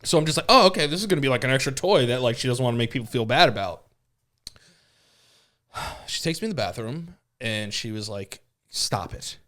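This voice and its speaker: A young man co-hosting a podcast, telling stories in loud rowdy bursts and low mumbles. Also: expressive, brisk. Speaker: podcast co-host. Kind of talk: casual podcast banter.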